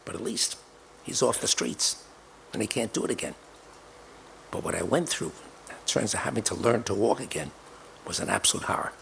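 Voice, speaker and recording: A man's voice: fairly low pitch, vocal fry, a little hiss or hum. An older man telling a personal story emphatically, acting out the dialogue he quotes.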